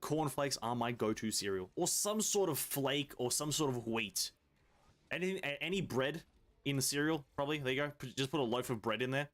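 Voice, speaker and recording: A man's voice: medium pitch, lively intonation, normal speed, a bit bright. A young man with an Australian accent, chatting casually and rambling with viewers while he streams a game. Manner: laid-back, rambling, swears casually. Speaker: gaming streamer.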